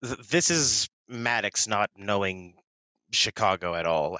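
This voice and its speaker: A man's voice: lowish voice, expressive, unhurried, pushed and bright, dry recording. A man playing a tabletop role-playing game, curious and asking lots of questions. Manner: curious, asks many questions. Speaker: player.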